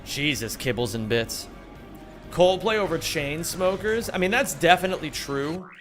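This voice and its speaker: A man's voice: a little high, lively intonation, moderate pace, a bit bright. A young man streaming, telling rambling, profane jokes in casual chat and answering chat. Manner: rambling, profane, jokey storytelling with put-on voices. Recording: faint music behind.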